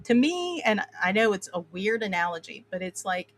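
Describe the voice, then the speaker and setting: A woman's voice: medium pitch, sing-song, moderate pace. Chatty Appalachian woman, rambling. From Appalachian Mountains, USA. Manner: rambling, filler-heavy, laughs often. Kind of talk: casual chat.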